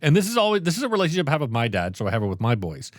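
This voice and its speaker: A man co-hosting a casual podcast, telling stories and swearing freely. His pitch swings widely as he acts out scenes. The sound is close and dry, with no room around it. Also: racing, no room sound. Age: 30s. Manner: animated storytelling, swears often. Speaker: podcast co-host.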